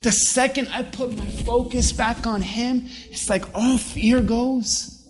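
A pastor preaching a sermon with emphasis, slowing down to stress key words. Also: mid-range voice, fairly even intonation.

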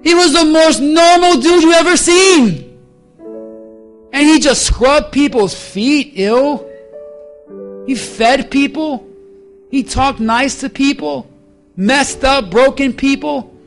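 High-voiced man preaching with emphatic swings. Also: takes it slowly, pauses often, soft background music. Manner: emphatic preaching, swinging between loud calls and hushed lines. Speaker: pastor. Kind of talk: sermon.

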